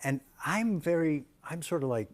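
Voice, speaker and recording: A man's voice: a little high, lively intonation, moderate pace. A man being interviewed as a talk show guest, speaking hesitantly and self-deprecatingly, with frequent restarts, in a studio. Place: television studio.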